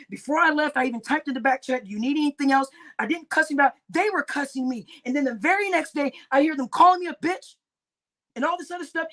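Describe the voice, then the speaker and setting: A woman hosting a livestream, ranting angrily, swearing heavily and breaking into shouts. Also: sits high. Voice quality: heavy cursing, shouting bursts. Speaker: livestream host. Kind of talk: angry livestream rant.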